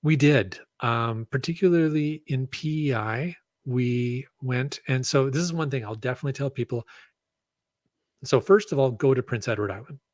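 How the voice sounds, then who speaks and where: A man's voice: medium pitch, moderate pace, a little mellow, no echo. Man rambling with many ums. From Canada. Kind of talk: casual podcast chat.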